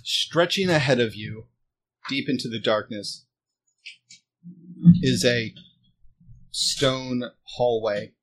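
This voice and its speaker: A man running a tabletop game as game master, setting scenes slowly and deliberately. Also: medium pitch, fairly bright tone.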